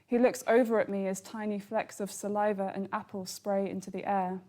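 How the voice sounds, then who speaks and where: A woman, the author, reading aloud from her novel at a bookshop event in a calm, even voice. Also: medium pitch, fairly quick. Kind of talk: literary reading.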